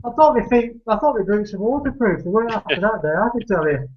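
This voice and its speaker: A man's voice: sits high, very animated, quick pace, lo-fi sound, slight background noise. A man chatting casually with friends online, telling stories and laughing along. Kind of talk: casual banter.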